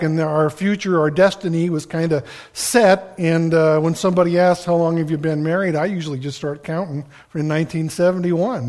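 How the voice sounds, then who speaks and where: An older man delivers a sermon in a relaxed, folksy way, weaving family stories into his message. His voice sits a little high for a man. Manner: folksy, conversational storytelling. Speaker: preacher.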